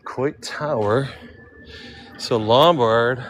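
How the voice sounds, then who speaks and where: Male vlogger, winded on a hilly outdoor walk, easygoing slang, average pitch, soft city noise. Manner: laid-back slangy talk, calls viewers dude. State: out of breath. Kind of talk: casual walking livestream chat. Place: outdoors on steep city streets.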